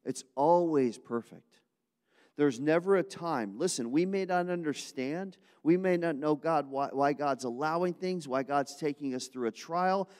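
A man preaching a sermon to his congregation, swinging from hushed asides to loud, impassioned appeals. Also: on the high side, measured pace, in a large hall. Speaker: pastor.

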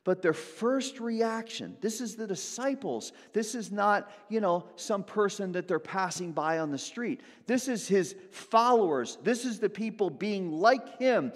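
A male pastor delivers a sermon with a somewhat high-pitched voice. He drives his points with rising force and then pulls back to a near hush. His words carry a long reverb, as in a large sanctuary. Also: animated, measured pace, hardly any pauses. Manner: emphatic preaching, swinging between hushed and loud.

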